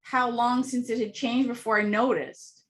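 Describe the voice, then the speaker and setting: A woman telling animated anecdotes as an interview guest, acting out little voices and laughing often. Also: on the high side, moderate pace. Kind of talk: casual storytelling interview.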